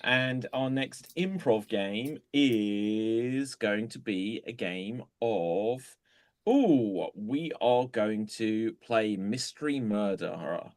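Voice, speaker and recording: A man's voice: on the low side, dry recording. A man hosting an improv comedy game on a video call, calling on players by name. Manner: brisk, calls on players by name. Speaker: improv host.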